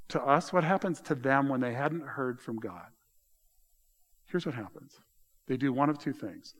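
A man's voice: a little high, a bit bright, long reverb tail. A middle-aged man preaching a sermon as a pastor, talking in a loose, conversational way with folksy asides and quotes he acts out.

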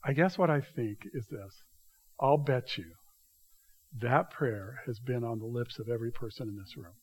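Pastor preaching with dramatic volume swings. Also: male voice, medium pitch, moderate pace, husky. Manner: dramatic shifts between loud acted quotes and hushed asides. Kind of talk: sermon. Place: church.

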